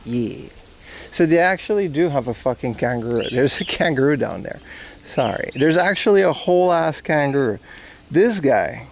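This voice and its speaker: A man's voice: a little high, expressive, normal speed, gravelly, slight background noise. A man from Aruba joking and swearing as he chats to viewers on a casual outdoor livestream. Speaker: streamer. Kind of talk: casual IRL livestream chat. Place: outdoors at a zoo park.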